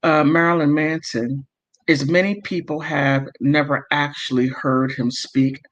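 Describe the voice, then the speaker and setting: Male streamer, slightly high voice, slow heated delivery, dull lo-fi audio. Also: steady tone, a bit bright. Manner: emotional, heated, self-interrupting and apologetic. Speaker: livestream host. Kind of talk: casual livestream commentary, reading chat comments.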